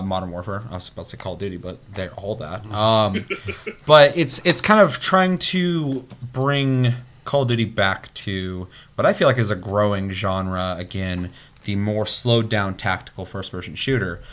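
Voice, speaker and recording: A man's voice: lowish voice, normal speed. A young man co-hosting a casual gaming podcast, telling stories loosely and swearing freely. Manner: loose, profane, animated storytelling. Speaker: podcast co-host.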